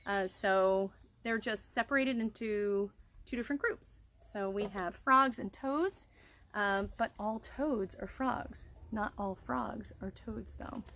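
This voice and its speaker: A woman's voice: medium pitch, slow, a bit bright, a little hiss or hum. A woman educator giving a cheerful live-streamed nature lesson for children outdoors by a pond, explaining things and speaking directly to her young audience. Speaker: wildlife educator.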